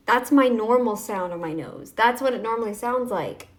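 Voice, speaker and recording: Snarky and taunting, a woman vlogs casually to camera for YouTube, rambling on with fillers and restarts and hardly any pauses. She has a gravelly, medium-pitched voice at normal speed.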